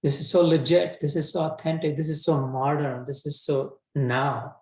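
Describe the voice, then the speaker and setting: A man leads a scripture session as a casual, colloquial lecture, frequently restarting his sentences. His fairly high voice has little pitch movement and a moderate pace, and the room gives off a noticeable echo.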